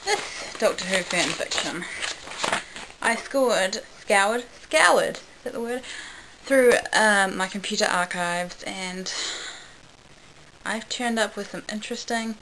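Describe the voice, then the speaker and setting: A woman gives a comic dramatic reading of the fan fiction she wrote as a child. Her voice is mid-pitched and fairly plain. She breaks off often for wry, self-mocking asides. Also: slow, pauses often, fairly bright tone, slight background noise, poor audio. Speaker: video creator.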